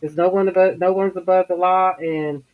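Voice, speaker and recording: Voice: mid-range voice, steady tone, moderate pace, phone-quality sound. A podcast host giving casual commentary, rambling and stopping to search for words.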